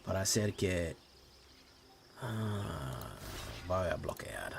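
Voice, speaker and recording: A man's voice: sits low, expressive, slow, gravelly, noisy background. A Latino man streaming a card game, chatting casually and switching between English and Spanish. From Latino family. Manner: loose and profane, with frequent "um" and "like".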